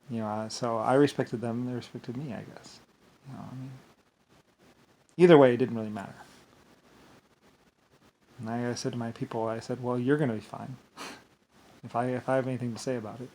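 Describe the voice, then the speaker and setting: A man's voice: medium pitch, darkish tone. A man talking in a rambling vlog monologue, drifting between thoughts and laughing often. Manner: meandering, laughs often, keeps saying "anyway". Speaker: vlogger.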